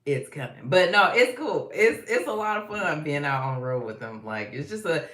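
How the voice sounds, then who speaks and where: A woman hosts a casual live stream, reading viewer comments in a slangy, easygoing style and sometimes singing greetings to viewers. Her voice is low-pitched, animated, a bit bright, at a moderate pace. The recording has a roomy echo with faint noise.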